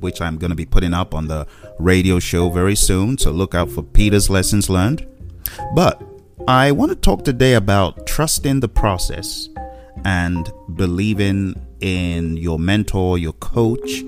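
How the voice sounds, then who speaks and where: A man hosting an exam-prep radio show, giving an upbeat, encouraging talk and telling a fable with chuckles. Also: deep voice. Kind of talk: motivational talk with a told story. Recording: voice over background music.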